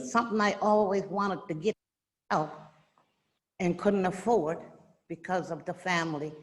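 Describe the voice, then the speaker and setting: A woman's voice: fairly low pitch, moderate pace, big-room sound. Older woman, heartfelt rambling storyteller. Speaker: gift recipient sharing a story. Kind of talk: casual storytelling. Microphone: video call audio.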